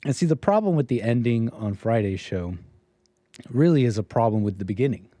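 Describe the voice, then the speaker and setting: A man's voice: medium pitch, expressive, fairly quick, dark tone, dry recording. A man hosting his own livestream, talking in a rambling, sarcastic way with restarts and laughs. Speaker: streamer and show host. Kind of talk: casual livestream monologue.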